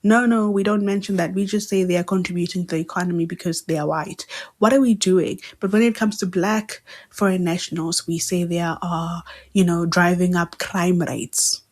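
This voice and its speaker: A woman's voice: lowish voice, fairly even intonation, moderate pace, a little mellow. A South African woman vlogger giving earnest, argumentative social commentary with pointed rhetorical questions.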